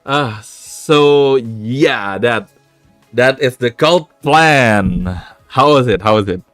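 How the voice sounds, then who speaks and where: A man, a VTuber chatting casually on stream, animated, laughing often and swearing freely. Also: mid-range voice, slow pace, no room sound, soft background music.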